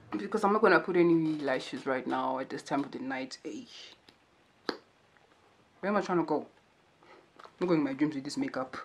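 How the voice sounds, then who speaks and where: A woman's voice: low-pitched, a little hiss or hum. A young woman chatting casually and jokingly while she does her makeup for a vlog. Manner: chatty, jokey, playful voices and asides. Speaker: vlogger. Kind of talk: casual get-to-know-me chat while doing makeup.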